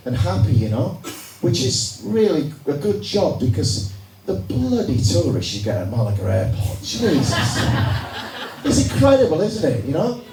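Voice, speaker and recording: Yorkshire stand-up comedian in an echoey club. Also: male voice, on the high side. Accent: Northern English, Yorkshire. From England. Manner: chatty crowd work, sardonic asides. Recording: echoey room, recorded from far off, noisy. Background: audience laughter.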